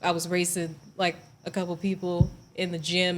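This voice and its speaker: Laughing, animated woman telling stories. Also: lowish voice, normal speed, slight background noise. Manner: animated storyteller, laughs often. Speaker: guest actress. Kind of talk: casual chat. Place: podcast studio.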